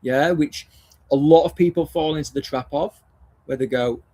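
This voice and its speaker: A man's voice: fairly high pitch, normal speed, mellow, husky. A man, a dog trainer hosting a casual live discussion, talking bluntly, swearing often and restarting his phrases.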